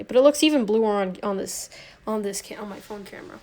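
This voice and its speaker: A woman's voice: mid-range voice, brisk, a little mellow, slight background noise. A young woman chatting idly to a live stream while she paints from a phone, rambling and joking at herself. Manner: rambling, self-mocking, talks to herself.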